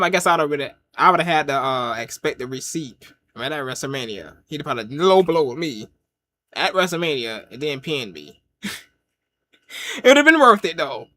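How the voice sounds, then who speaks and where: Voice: medium pitch, fairly bright tone. A show reviewer casually retelling a scene in slangy talk, laughing often and acting out quotes.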